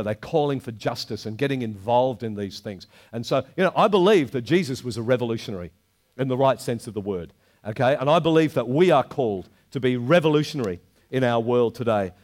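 An older man preaching a sermon to a congregation, animated, slowing down to stress quoted verses. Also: medium pitch. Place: church hall before a live congregation.

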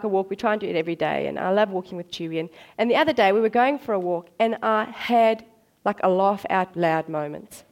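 A woman preaching a sermon, telling stories in an animated way and acting out the voices in them. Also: medium pitch. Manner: animated storytelling, acts out voices.

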